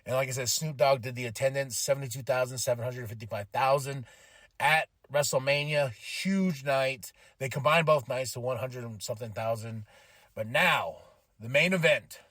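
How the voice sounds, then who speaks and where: A man hosting a podcast, giving an excited, emotional casual recap of a wrestling show. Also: medium pitch, moderate pace, dry recording. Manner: excited, emotional, animated retelling with laughs. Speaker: podcast host.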